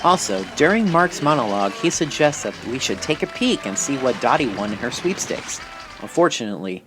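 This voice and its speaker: Animated story narrator. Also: mid-range voice, a little fast, over music. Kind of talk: reading a story aloud.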